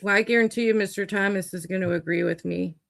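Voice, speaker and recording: A woman's voice: medium pitch, fairly even intonation, fast, creaky. A woman hosting a casual comedy chat show, speaking in a firm, dry manner. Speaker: show host.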